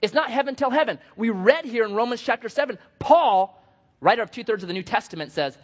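A male pastor with an extremely high voice speaks a little fast, giving a casual, conversational sermon in a church sanctuary. He's animated, acts out quotes, and jokes at his own expense, while the lo-fi audio sounds dull and the hall has a long reverb.

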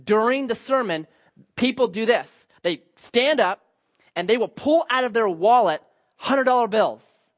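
High, lively pastor preaching. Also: male voice, measured pace, lo-fi sound. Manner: animated storytelling with self-mocking jokes. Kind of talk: sermon. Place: church sanctuary.

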